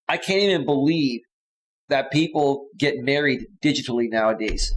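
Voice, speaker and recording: A man's voice: mid-range voice, normal speed, poor audio. A man hosting a live coaching stream, chatting casually with viewers and reading their comments, sighing now and then. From San Francisco Bay Area. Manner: chatty, talks straight to viewers, drops to soft sighs.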